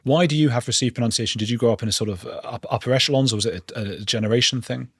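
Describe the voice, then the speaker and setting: A man's voice: mid-range voice, racing, husky, no room sound, studio quality. A man hosting an interview, asking curious, chatty questions in loose phrasing. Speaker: podcast host and interviewer.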